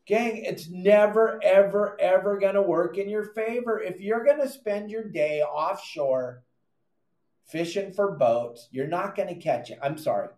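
A man's voice: high-pitched, normal speed, a little mellow, reverberant. Emphatic man with a raised voice. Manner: emphatic, repeats points, addresses listeners as "gang". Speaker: fishing podcast host and charter captain. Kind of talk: animated advice monologue.

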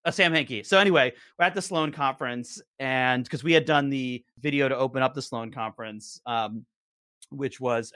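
Young adult man, podcast guest, bright tone, dry close sound, meandering anecdotal delivery. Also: medium pitch, no echo. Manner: rambling storyteller with many fillers and restarts. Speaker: podcast guest, show co-creator. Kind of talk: casual chat.

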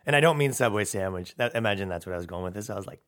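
A man's voice: on the low side, animated, very fast, a bit bright. A man hosting a comedy podcast, riffing in a rambling, profane, sarcastic way. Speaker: podcast host.

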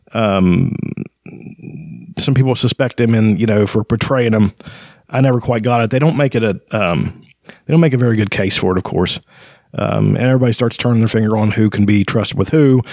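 A man casually talking through a fantasy novel, rambling and halting with many fillers, sometimes reading passages aloud. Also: lowish voice, darkish tone, dry recording. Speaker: podcast host discussing a fantasy novel. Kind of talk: casual book discussion with read-aloud passages.

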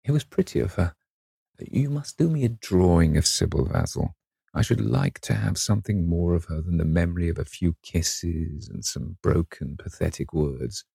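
Man reading as a vain, gravelly young gentleman. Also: sits low, dry recording, clean studio sound, full character voice. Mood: wistful. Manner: pleading then imperious, measured delivery.

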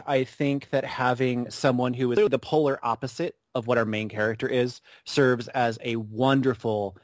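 A man co-hosting a casual podcast chat, animated and quick to laugh. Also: medium pitch, no echo. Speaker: podcast co-host.

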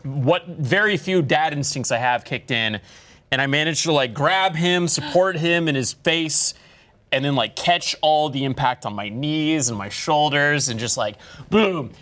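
A man telling a story in casual chat, energetic and swearing freely. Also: a little slow. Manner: energetic, swears freely, jumps into high-pitched quoted voices.

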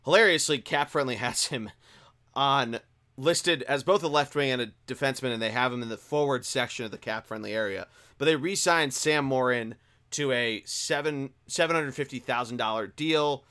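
Speaking at medium pitch with a pushed, bright quality and clean tone, this podcast host discusses sports news informally. He talks conversationally, using fillers, restarting sentences and correcting himself.

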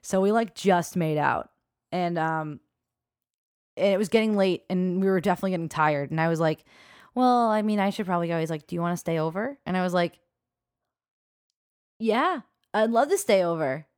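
A woman's voice: fairly low pitch, fairly quick, darkish tone, clean tone, dry recording, clean studio sound. A woman telling a long dating story in casual podcast chat, full of fillers and laughs.

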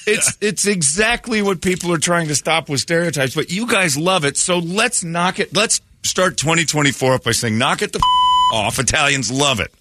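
A man's voice: fairly high pitch, animated, moderate pace, hardly any pauses, bright, forceful tone, slight background noise. A man hosting a morning radio show, bantering in a brash, joking way. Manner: brash, joking, slips into mock voices.

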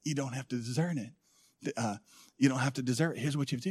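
In a brisk, slightly rough voice, a middle-aged pastor preaches, alternating between soft, intimate moments and booming appeals to his congregation.

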